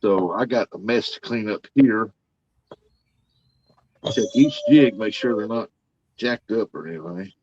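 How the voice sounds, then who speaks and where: A man's voice: fairly low pitch, measured pace, long pauses, a little mellow, breathy edge, no room sound. Folksy older man, dry lo-fi sound. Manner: folksy, rambling, drawling talk. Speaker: livestream host. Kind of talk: casual livestream chat. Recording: dull, dry lo-fi audio.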